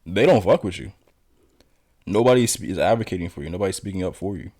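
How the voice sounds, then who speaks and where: A man's voice: deep voice, animated, quick pace, dark tone. A man giving political commentary in a blunt, lecturing, confrontational manner.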